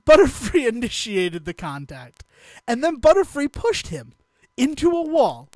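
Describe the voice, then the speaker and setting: A man's voice: very high-pitched, huge pitch swings, unhurried, no echo. A man co-hosting a podcast, telling a story in casual chat, laughing as he goes and swearing freely. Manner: laughs through his stories, swears freely. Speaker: podcast co-host.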